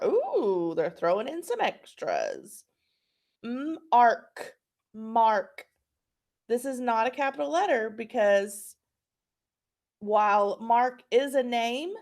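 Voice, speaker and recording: Woman, phonics teacher, patient, encouraging, very slow delivery, slightly high voice. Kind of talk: phonics lesson for young children.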